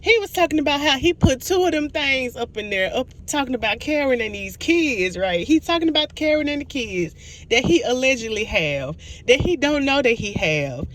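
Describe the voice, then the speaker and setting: A woman recapping a TV episode in a casual vlog, animated and storytelling, laughing often and apologizing for it. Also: high voice, normal speed, a little hiss or hum. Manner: giggly, keeps laughing and apologizing; animated storytelling, acts out quotes. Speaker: TV show reviewer.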